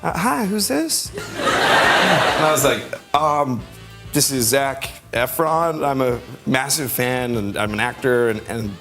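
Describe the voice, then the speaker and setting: A young man, a talk-show guest, telling an excited, rambling anecdote with bursts of laughter. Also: mid-range voice, takes it slowly, over music. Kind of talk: emotional anecdote.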